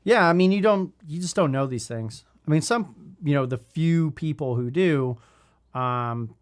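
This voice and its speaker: His voice is fairly high for a man, with lively intonation and a slightly slow delivery. As a thirty-something co-host of a casual leadership podcast, he thinks aloud in a rambling way, often starting over.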